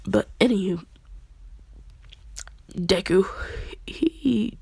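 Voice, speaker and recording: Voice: mid-range voice, extremely slow, gravelly, a little mellow, slightly rough, no room sound. A young adult with a congested voice, rambling through an improvised fan story in slangy casual talk. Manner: rambling, slangy, often breaking into laughter.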